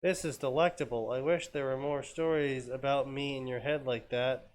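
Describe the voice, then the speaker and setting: A man's voice: medium pitch, steady tone, normal speed, lightly acted, rough recording. A man voicing a talking enchanted hat, pompous and theatrical. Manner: grandiose, theatrical, loud.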